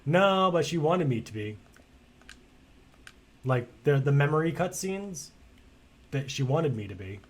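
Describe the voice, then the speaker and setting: A man's voice: a little high, sing-song, measured pace, pauses often. Male streamer, casual let's-play commentary, blunt and rambling, swears a lot. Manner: chatty and blunt, swears freely, rambling asides. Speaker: game streamer.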